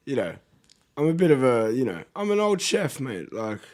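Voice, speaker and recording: A man's voice: medium pitch, big pitch swings, normal speed, a little mellow. A middle-aged Australian man chatting casually as a podcast guest, laid-back and swearing freely. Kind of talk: casual chat.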